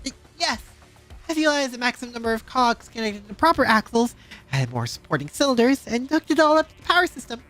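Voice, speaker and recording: A woman's voice: on the high side, very animated, fast talker, a bit bright, faint music behind, voice pushed up. A woman voicing a shy, stammering engineer girl who is obsessed with machines, reading a game scene. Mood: eager. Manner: stammering, nervous.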